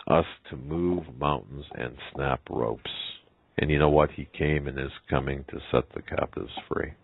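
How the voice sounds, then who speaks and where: A man with an extremely deep, gravelly voice preaching emphatically as a talk radio host. His delivery is husky and dry. It all comes through a tinny, phone-like line. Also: no echo. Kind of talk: reading a story and preaching.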